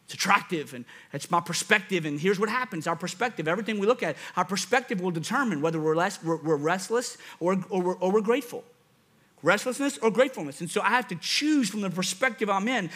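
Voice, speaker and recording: Pastor, male, high bright voice, animated sermon delivery with acted-out asides. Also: fast. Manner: animated, laughs at himself, acts out quoted thoughts.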